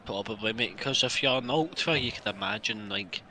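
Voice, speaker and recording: A man on a casual football watch-along, reacting bluntly to the game with a bright, sharp-edged voice. A faint hiss sits beneath the recording. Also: mid-range voice, sing-song, moderate pace, gravelly. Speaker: podcast co-host.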